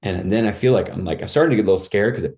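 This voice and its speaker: Speaking rapidly in a lowish, darkish voice, this man recounts something that happened to him while guesting on a podcast. His storytelling is casual and vivid, with his own cries acted out and "like" and "dude" coming up often.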